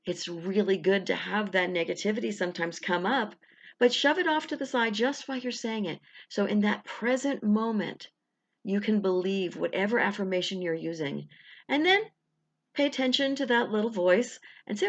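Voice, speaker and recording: Gravelly-voiced woman guiding affirmations. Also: mid-range voice. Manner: encouraging, conversational, slow deliberate affirmations. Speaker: affirmation coach, host. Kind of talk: guided affirmation talk. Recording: dull lo-fi recording.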